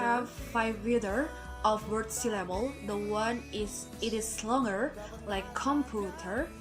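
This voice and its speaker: A young Indonesian woman, a student, gives a recorded class presentation at medium pitch, speaking slowly and hesitantly with many fillers and restarts. The audio quality is poor, and background music plays.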